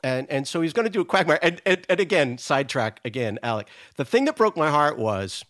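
A middle-aged man from Rhode Island, a comedy writer and songwriter, telling stories in casual chat and breaking into quick impressions and sung lines. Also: on the high side, very animated, fairly bright tone.

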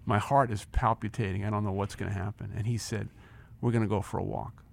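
In a low voice with vocal fry, a former company chief in his sixties talks fast as an interview guest. He tells a personal story with animation, acting out the quoted lines and repeating words as excitement takes over.

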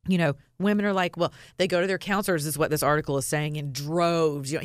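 A woman's voice: deep voice, quick pace, hardly any pauses, dry recording, clean studio sound. A woman co-hosting a radio talk show, bold and joking as she chats on air. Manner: bold, joking, laughs often. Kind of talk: casual on-air chat.

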